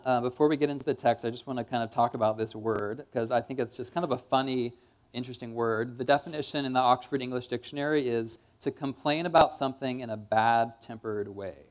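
Casual-talking male preacher. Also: mid-range voice. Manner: casual and conversational, many fillers like "kind of" and "like". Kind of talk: sermon.

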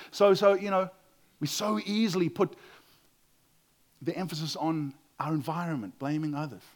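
A man preaching a sermon in an earnest way, acting out quoted voices and dropping to a quiet voice to stress a point. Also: fairly high pitch, normal speed, long pauses. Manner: earnest, acts out quotes, drops to quiet for emphasis.

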